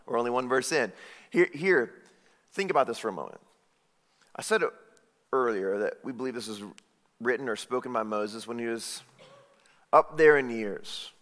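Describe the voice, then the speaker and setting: A man's voice: medium pitch, normal speed, pauses often. Man preaching in a reverberant hall. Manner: animated storytelling, repeated "right?" asides, acts out quotes. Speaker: pastor. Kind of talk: sermon.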